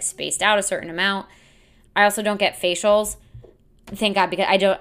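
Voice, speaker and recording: A woman's voice: mid-range voice, a bit bright. A young woman hosting a casual solo podcast, chatting in a rambling, self-deprecating way and laughing often. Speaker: podcast host.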